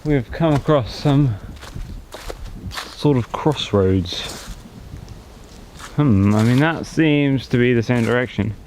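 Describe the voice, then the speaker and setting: A man's voice: medium pitch, takes it slowly, long pauses, a little mellow, a little hiss or hum. A man vlogging outdoors in a forest, chatting and joking as he thinks aloud into a handheld camera. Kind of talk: casual vlog commentary.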